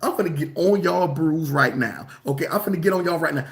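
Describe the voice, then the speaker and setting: A male preacher with a fairly high voice for a man, speaking in an emphatic and colloquial way. He repeats phrases to drive them home and stretches some words out slowly. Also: expressive, creaky, a bit bright. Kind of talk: sermon.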